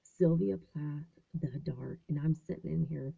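A woman's voice: low-pitched, unhurried, vocal fry, hardly any pauses, dark tone, slightly rough. A woman in her fifties telling a story in a casual, rambling way with many fillers and restarts, partly whispered, recorded in a small closet on a tinny, phone-like line. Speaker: vlogger.

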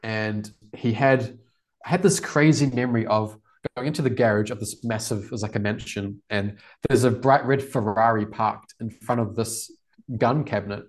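A man's voice: lowish voice, moderate pace. Man with a New Zealand accent. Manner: relaxed, rambling, laughs often. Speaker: podcast guest. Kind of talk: casual storytelling interview.

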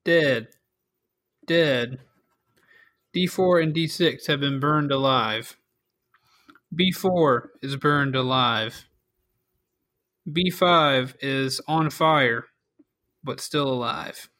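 A man narrating a tabletop game as game master, relaxed and full of fillers. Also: medium pitch, very slow, pauses often.

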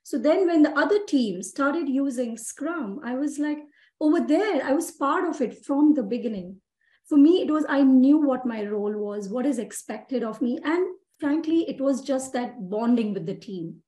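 Indian-accented woman guest, fairly high voice, reflective, roomy echo. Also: expressive, moderate pace, warm tone. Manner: reflective, many "you know" fillers. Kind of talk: casual interview.

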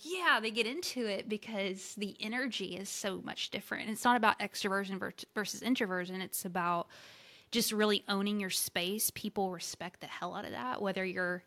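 A woman in her forties co-hosting a casual podcast chat, energetic and playful as she tells stories. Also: medium pitch, fairly quick. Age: 40s. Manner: energetic, playful, animated storytelling. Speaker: podcast co-host.

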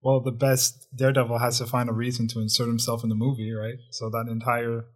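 A man's voice: mid-range voice, little pitch movement, a little fast. A man co-hosting a casual movie review chat, telling the plot in a joking, wry way. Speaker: podcast co-host.

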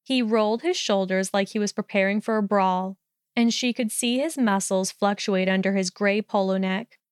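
A woman narrating a story in an even, measured reading voice. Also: mid-range voice, clean tone, no room sound, studio quality.

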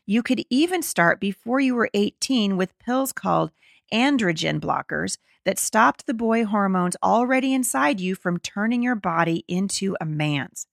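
A woman's voice: medium pitch, lively intonation, unhurried, gravelly, no room sound, clean studio sound. A middle-aged woman hosting a podcast, reading an article aloud and commenting on it, indignant and emphatic, often stumbling and restarting. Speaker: podcast host.

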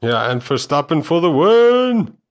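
A man's voice: a little high, very animated, a little slow. A man hosting a casual sports podcast, running through results with playful, mock-formal announcing. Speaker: podcast host. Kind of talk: casual chat.

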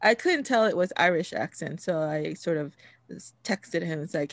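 A woman's voice: fairly low pitch, animated, moderate pace, creaky, dry recording. A woman telling a personal story in casual chat, full of fillers and restarts. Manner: chatty, many fillers and restarts, laughs while telling.

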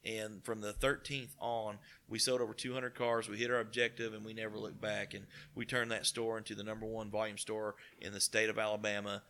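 A man from East Tennessee with a local accent, telling his career story in a folksy, animated way with quoted dialogue. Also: lowish voice, a little fast, few pauses. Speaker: car dealership partner. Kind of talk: casual storytelling interview.

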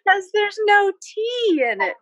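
A woman chatting on a podcast, bubbly and quick to laugh. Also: extremely high pitch, big pitch swings, dull audio, very noisy. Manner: bubbly, laughs as she talks. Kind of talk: casual chat.

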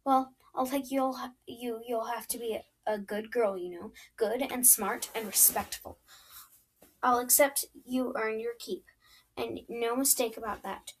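Curt hard farm wife, husky edge, as a woman reads her. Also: a little high, steady tone, unhurried. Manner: curt and demanding. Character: sharp, blunt, hard-eyed farm woman.

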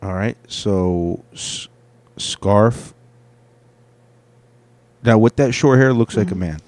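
A man with a fairly low, darkish voice speaks slowly, with no echo. He hosts a casual show reacting to video clips, rambling and swearing and often restarting his sentences to correct himself.

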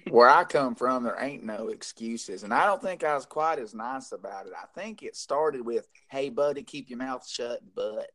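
A man's voice: mid-range voice, expressive, normal speed, fairly bright tone. A man co-hosting a casual podcast, talking in a folksy, needling way as he puts questions to the guests. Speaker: podcast co-host.

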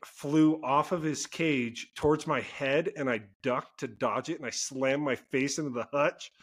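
Animated storytelling man. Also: mid-range voice, measured pace, husky. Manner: animated storyteller, laughs, swears casually. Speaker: podcast co-host. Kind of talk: casual chat, storytelling.

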